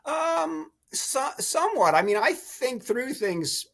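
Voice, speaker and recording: A middle-aged man, a podcast guest, telling lively stories in a casual chat. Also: very high voice, slow, gravelly. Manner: animated, laughing storyteller. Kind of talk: storytelling chat.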